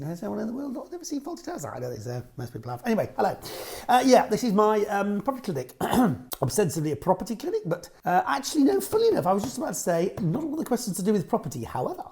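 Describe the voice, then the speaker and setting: Talking to camera in a slightly high, creaky voice with a dark tone, a man fields viewer questions. His casual answers ramble and joke, and he keeps interrupting himself mid-sentence.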